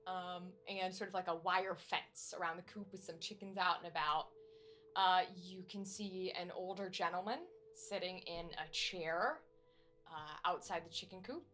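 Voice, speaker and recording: A woman narrating as game master of a tabletop horror game, animated, with many fillers. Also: fairly low pitch, normal speed, soft background music.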